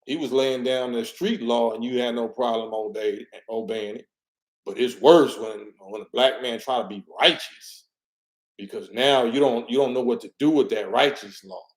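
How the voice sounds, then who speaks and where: A man's voice: medium pitch, normal speed. A middle-aged man giving an emphatic, preachy street-talk monologue and repeating his words as he commentates. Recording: roomy echo.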